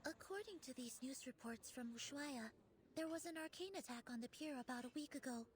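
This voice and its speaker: A woman's voice: high-pitched, lively intonation, fairly quick, a little hiss or hum. An actress voicing an earnest young woman assistant in a game who briefs the team.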